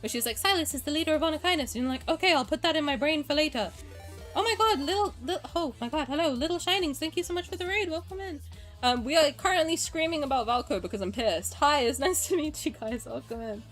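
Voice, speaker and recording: A woman's voice: high-pitched, expressive, quick pace, fairly bright tone, faint music behind. A young English woman streaming live, chatting frankly and emotionally, ranting and swearing as she greets her viewers. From England. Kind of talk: casual livestream chat.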